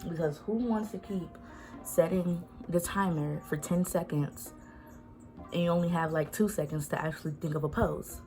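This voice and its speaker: A woman's voice: fairly low pitch, steady tone, moderate pace, mellow. A young woman vlogging from her bedroom at home, chatting to camera in a laid-back, slangy way. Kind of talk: casual chat to camera. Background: music playing.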